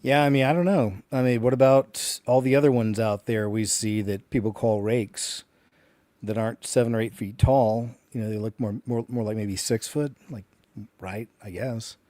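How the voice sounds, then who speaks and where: A man's voice: medium pitch, fairly even intonation, normal speed, dark tone, no echo. A man hosting, reacting to a caller's story and musing briefly afterward. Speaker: host. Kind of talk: casual chat.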